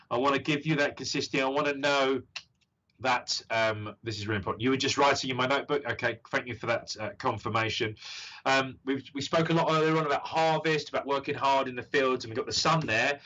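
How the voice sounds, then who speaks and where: British guy doing psychic readings on a stream, bright voice, bit muffled lo-fi audio, lots of ums. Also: mid-range voice, slight background noise. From United Kingdom. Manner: warm, encouraging, rambling with many fillers. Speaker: psychic medium.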